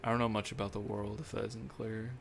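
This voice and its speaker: Young male streamer, lowish voice, loose self-mocking ramble, faint music under him. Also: little pitch movement, a little fast, gravelly. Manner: rambling, self-deprecating, filler-heavy. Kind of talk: casual live-stream chat.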